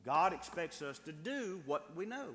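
A man's voice: fairly high pitch, big pitch swings, measured pace, a bit bright, big-room sound. A man preaching a sermon as pastor, reading scripture and driving points home by repeating phrases to the congregation. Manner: emphatic preaching, repeats phrases, addresses brethren.

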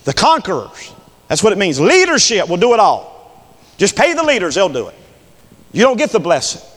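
A man preaching a fiery sermon, swinging between shouted peaks and quiet drops. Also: high-pitched, huge pitch swings, brisk. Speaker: pastor. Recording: long echo in a church hall.

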